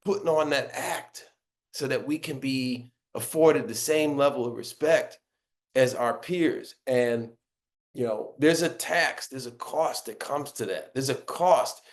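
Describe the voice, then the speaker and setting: Earnest baritone man explaining. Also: a little slow. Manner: earnest, explanatory, often adds "right?". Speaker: author and guest. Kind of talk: interview answers.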